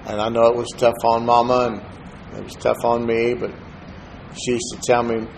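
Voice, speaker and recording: A preacher, giving a sermon in a relaxed, conversational storytelling manner and dropping into soft-spoken asides. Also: male voice, medium pitch, unhurried, gravelly, a little hiss or hum, rough recording. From Texas, USA.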